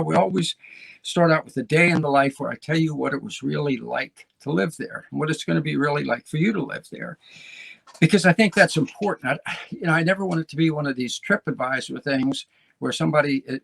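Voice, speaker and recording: A man with a heavily gravelly, husky voice sits in as host of his own show and chats loosely to the listener. His voice sits a touch high for a man. He drifts from thought to thought, restarting sentences as he tells his stories. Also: fairly quick, a bit bright. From United States. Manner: rambling storyteller with many restarts. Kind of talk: casual monologue to camera.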